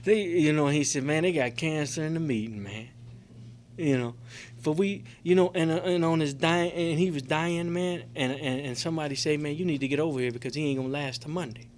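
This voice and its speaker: On the high side and a little mellow, this middle-aged man talks a little fast, with a little hiss or hum in the background. He gives an emotional, profane personal testimony as a recovery convention speaker in a convention meeting room, rambling and filling with "you know" and "man."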